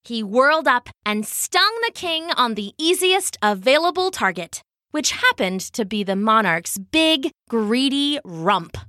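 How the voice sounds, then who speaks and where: Slow, lively woman storyteller. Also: on the high side, no room sound, studio quality. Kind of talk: children's story reading.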